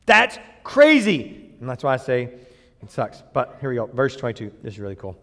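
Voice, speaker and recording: A man preaching a sermon in a blunt, emphatic way, swinging between loud bursts and quiet asides. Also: mid-range voice, huge pitch swings, moderate pace, long reverb tail. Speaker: pastor.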